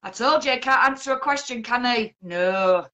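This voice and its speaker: A woman's voice: fairly high pitch, normal speed, highs cut off. A woman hosting a live stream, arguing with a guest in a confrontational, sweary way. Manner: confrontational, swearing, shouting insults. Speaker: livestream host. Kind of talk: heated live-stream argument.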